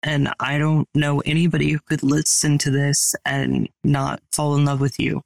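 Sex: man. Role: interviewer. Style: supportive interview questions. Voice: gravelly, flat intonation. Sound: dry. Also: a little high, no echo. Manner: measured, carefully worded questions.

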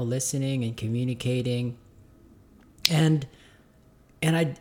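Here the gym owner talks casually and reflectively to viewers, calling them "guys" and frequently stumbling and repeating words as he works through his thoughts. The pitch is fairly low, the tone darkish.

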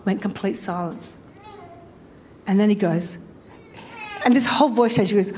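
A woman's voice: mid-range voice, expressive, normal speed, long pauses, darkish tone, slight background noise. A middle-aged woman pastor, telling a story in a sermon and acting out phone calls.

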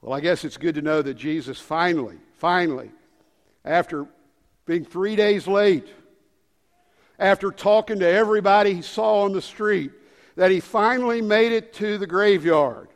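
A man in his fifties preaching a sermon, swinging from loud dramatic calls to hushed low lines. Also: moderate pace. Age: 50s. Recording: long hall reverb.

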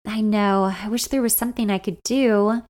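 A woman voicing an easygoing, amused young boyfriend who talks calmly and teases gently. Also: medium pitch, moderate pace, close to an everyday voice. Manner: calm, teasing, nonchalant.

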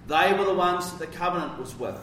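A man's voice: sits high, fast talker, a bit bright, a little hiss or hum. A man preaching a sermon in a conversational, emphatic way, with casual asides. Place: church. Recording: roomy echo from a distance.

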